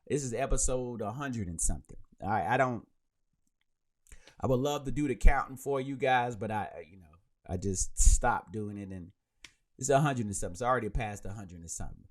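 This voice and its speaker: A man's voice: mid-range voice, fairly quick. A man hosting a podcast live, chatting casually and rambling, speaking into a handheld mic. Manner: animated and rambling, with many restarts. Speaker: podcast host. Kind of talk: casual chat on a live stream.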